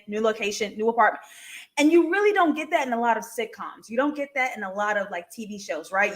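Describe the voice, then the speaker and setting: Young woman live-stream host, casual and animated, quick laughs, slightly high voice. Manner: chatty and animated, laughs often. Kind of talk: casual live-stream chat, reading viewer comments.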